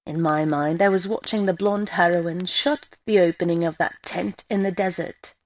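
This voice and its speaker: A woman reading a first-person story aloud in a measured storytelling way. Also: fairly low pitch, steady tone, a little mellow, no echo. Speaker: story reader.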